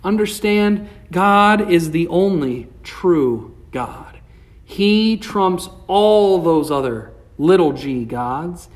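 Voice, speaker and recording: A male pastor delivers a sermon at an unhurried, deliberate pace. His preaching swells with passion and then sinks low, and he reads scripture aloud between points. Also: expressive. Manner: impassioned preaching, rising and falling.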